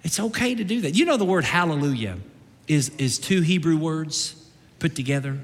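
A man preaching a lively, joking sermon as pastor, shifting into loud shouts and mock voices. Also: fairly high pitch, normal speed, big-room sound. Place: church sanctuary.

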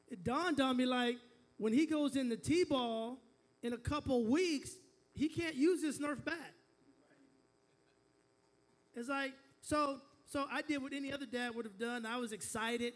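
High-voiced man preaching a sermon. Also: measured pace, pauses often. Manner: storytelling with call-and-response to the congregation; frequent stammered restarts. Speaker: pastor.

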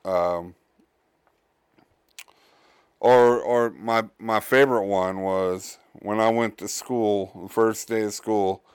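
A man hosts a solo podcast at an unhurried, deliberate pace. His voice is smooth and clear and sits a little low. The sound is dry and close, and he stumbles and restarts as he talks. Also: steady tone, no echo. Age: adult, a father. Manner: halting, many fillers and restarts. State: tired, yawning. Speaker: podcast host. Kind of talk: casual solo podcast monologue.

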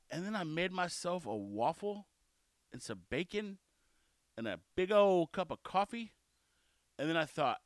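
Chatty man with lively pitch. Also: measured pace, no echo, studio quality. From South Texas. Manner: chatty, cheeky, animated storytelling. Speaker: podcast host. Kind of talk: casual solo podcast chat.

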